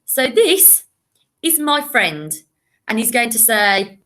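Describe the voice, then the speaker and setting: Slow, bright-voiced English woman teacher. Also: on the high side, very animated. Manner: slow, encouraging, sings simple tunes. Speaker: primary school teacher. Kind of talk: recorded online French lesson for children.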